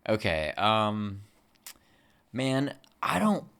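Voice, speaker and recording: A young man co-hosting a podcast in casual chat, animated and excitable. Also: extremely slow, gravelly, smooth. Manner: animated, jumps to excited high pitch. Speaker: podcast co-host.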